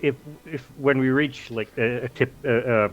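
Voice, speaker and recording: A man's voice: mid-range voice, steady tone, moderate pace, muffled recording. A man playing in a tabletop game, explaining his move in a casual, stammering way. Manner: stammering, restarts a lot. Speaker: player.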